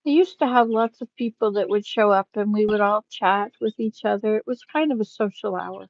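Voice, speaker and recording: A woman's voice: mid-range voice, fairly quick, a little mellow, dry recording, dull audio. A woman vlogger chatting casually and rambling from her outdoor garden, recorded on a phone. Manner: chatty, rambling, self-chuckling. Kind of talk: casual live-stream chat. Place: outdoor garden with wind chimes.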